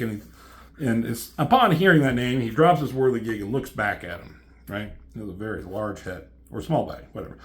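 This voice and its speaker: A man's voice: on the low side, fairly quick. A man reviewing a comic book with sarcastic, profane running commentary. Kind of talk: comedic commentary.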